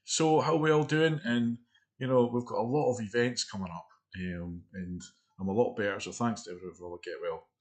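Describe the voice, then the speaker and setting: A middle-aged man co-hosting a casual live chat show, chatty and quick to laugh. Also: lowish voice, steady tone. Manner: chatty, laughs often, reads out quotes.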